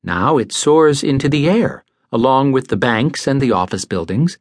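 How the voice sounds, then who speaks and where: A male narrator voicing a gentle, earnest male angel who speaks in a measured, formal way. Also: medium pitch, lively intonation, dry recording, studio quality, close to an everyday voice. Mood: grave.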